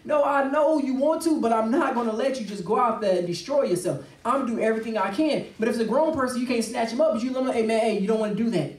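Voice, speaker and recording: A man's voice: very high voice, quick pace, darkish tone. A man, a pastor, preaching with passion in a discussion and acting out the voices of people he quotes. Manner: emphatic, acts out quoted voices. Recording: roomy, distant mic.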